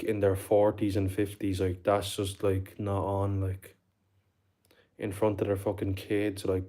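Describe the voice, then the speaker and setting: A young Irish man on a livestream, talking in a low, mellow voice with a flat, level delivery. He swears freely and ends his lines with bro and like as he chats with his viewers. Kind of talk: casual chat with viewers.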